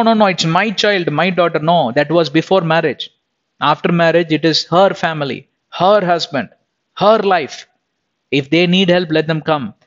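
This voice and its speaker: A man's voice: a little high, muffled recording. A man preaching a sermon, impassioned and scolding, often repeating himself as he presses his point.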